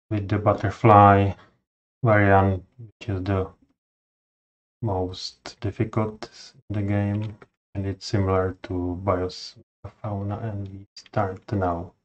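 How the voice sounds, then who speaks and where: A man hosting a board game session, introducing the game and then chatting through the moves in careful, unhurried phrases. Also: lowish voice, flat delivery. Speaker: board game channel host. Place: home, recording over a digital tabletop. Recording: dull lo-fi sound.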